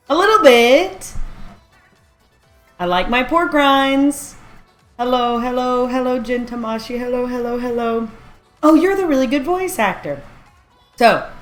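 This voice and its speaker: A woman's voice: on the high side, fairly bright tone. A woman streaming a video game live, chatting casually and rambling as she reacts aloud to what she sees. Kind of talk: casual live-stream chat while playing.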